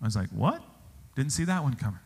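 A male pastor preaching a sermon, telling stories with animated exclamations. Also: medium pitch, racing, husky. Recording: long hall reverb.

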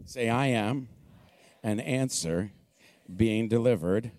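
A man preaching to a congregation, moving from joking, conversational asides to shouted, fervent proclamation. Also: mid-range voice, slow pace, no room sound. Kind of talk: sermon.

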